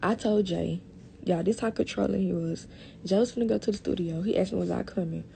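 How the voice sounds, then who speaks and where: A young woman tells a story live to her viewers, animated and swearing freely. Her voice is gravelly and low in tone, warm rather than bright. A faint rumble sits behind her. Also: a little fast. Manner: animated, talks to viewers as y'all, heavy swearing. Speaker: live streamer. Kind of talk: casual storytelling on a livestream.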